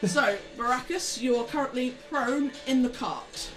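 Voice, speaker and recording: A woman running a tabletop game as dungeon master, explaining the rules patiently in a relaxed way. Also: high-pitched, normal speed. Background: music playing in the background.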